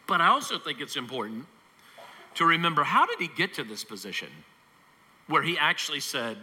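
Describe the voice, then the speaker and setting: A man preaching a sermon as pastor, telling a Bible story with animated acting-out of the characters. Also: on the high side, fairly quick, in a large hall.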